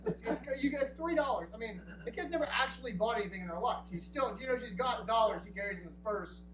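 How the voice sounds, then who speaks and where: A man in his thirties telling a funny true story on stage, lively and quick to slip into acted voices. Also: high voice. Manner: animated, jumps into acted voices. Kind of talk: live comic storytelling. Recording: roomy distant live recording with hum.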